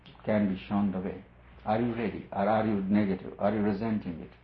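Low-voiced man giving a tinny, echoey discourse. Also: steady tone, brisk. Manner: earnest, repeats phrases for emphasis, rising on key points. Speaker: spiritual teacher. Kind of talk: spiritual discourse. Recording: tinny lo-fi with roomy echo.

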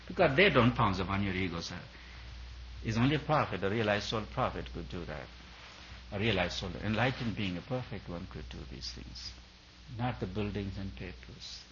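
A spiritual teacher addresses retreat listeners in a sermon, leaning on forceful, repeated phrasing. The man's voice is lowish yet fairly bright, captured in a dull lo-fi recording with slight background noise.

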